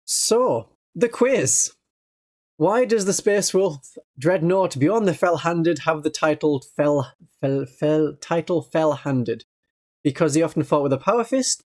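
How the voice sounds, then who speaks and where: Gentle Northeast English streamer voice. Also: medium pitch. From northeast England. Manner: gentle, laughs often. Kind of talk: casual livestream chat.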